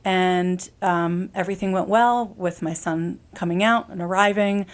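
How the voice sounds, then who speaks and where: A woman's voice: lowish voice, fairly even intonation, measured pace. A woman in her thirties, a podcast guest, telling a personal story in an earnest, emphatic way, often restarting mid-sentence.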